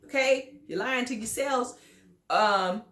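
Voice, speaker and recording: A woman with a slightly high, somewhat bright voice talks slowly through her reality TV takes. Her tone is sassy and reproachful, aimed straight at the people she's judging, and the recording has an echoey room sound.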